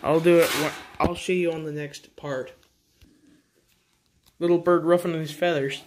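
Pet vlogger, baby talk to birds, sing-song coaxing, home by birdcages, mid pitch. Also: fairly even intonation, measured pace, slight background noise.

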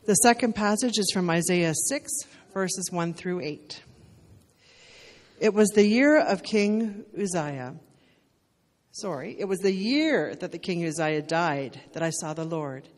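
A woman reading scripture aloud in a measured, steady way during a church service. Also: fairly low pitch. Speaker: scripture reader. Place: church sanctuary. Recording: church hall reverb.

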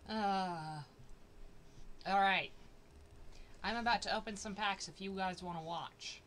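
A woman's voice: medium pitch, takes it slowly, a bit bright, slight background noise. A woman hosting a casual stream from her home, joking and teasing in a playful way. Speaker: streamer and host. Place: home room, noise from upstairs.

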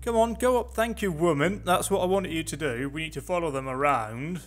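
A man's voice: fairly high pitch, fairly quick, soft background music. A man giving casual, sarcastic commentary while playing a video game, talking to himself. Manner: chatty, sarcastic, muttering to himself. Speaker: gameplay commentator. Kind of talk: casual let's play commentary.

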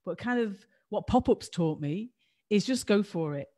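A woman's voice: medium pitch, lively intonation, a little slow, warm tone. A woman co-hosting a livestream, talking candidly and self-deprecatingly in a rambling way over a video call. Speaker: co-host.

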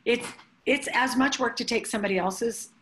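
A woman, a church leader hosting a preaching class over a call, gushing and excited as she speaks. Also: fairly high pitch, normal speed, slight background noise, rough recording. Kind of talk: enthusiastic informal hosting on a call.

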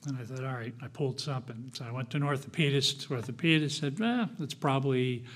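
A man's voice: mid-range voice, fast talker. Man giving a reflective church testimony. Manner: conversational, reflective storytelling with frequent fillers. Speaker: guest speaker. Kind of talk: personal testimony sermon.

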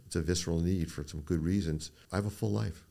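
Older man with a deep gravelly voice. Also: fast. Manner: storytelling, quotes people in animated voices. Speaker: neuro-oncologist guest. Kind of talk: podcast interview.

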